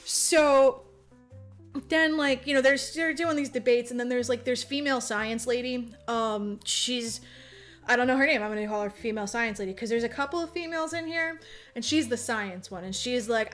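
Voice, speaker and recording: A woman's voice: fairly high pitch, moderate pace, soft background music. A young woman on a podcast, casually and profanely recapping a movie, laughing often and acting out the characters' lines. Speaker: podcast co-host.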